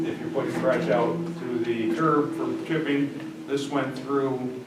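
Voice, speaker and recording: A man giving a report at a village board meeting, halting with many ums and restarts. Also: mid-range voice, little pitch movement. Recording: echoey room from far off, background noise.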